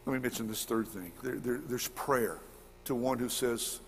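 A middle-aged man preaching a sermon, telling stories and repeating key words, swinging between emphatic high points and quiet low passages. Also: moderate pace, a little hiss or hum. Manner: rises to emphatic peaks, then drops low. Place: church sanctuary. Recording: long church reverb.

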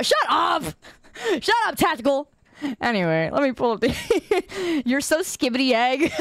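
A woman's voice: on the high side, no room sound. A woman streamer chatting casually with her viewers, teasing and laughing often.

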